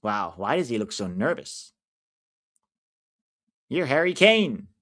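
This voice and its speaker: An American man commenting casually on a live football match for his stream viewers, reacting loudly to big moments. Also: mid-range voice, big pitch swings, takes it slowly. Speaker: watch-along streamer.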